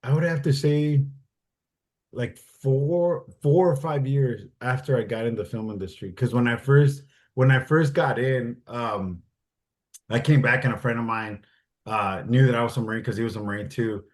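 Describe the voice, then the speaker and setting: A man's voice: mid-range voice, moderate pace. A man in his forties, a Marine veteran guest, telling long stories in a loose, rambling way and acting out the other people in them. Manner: loose and rambling, heavy use of "like" and "I'm like"; acts out the voices of others in his story. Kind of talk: casual interview storytelling.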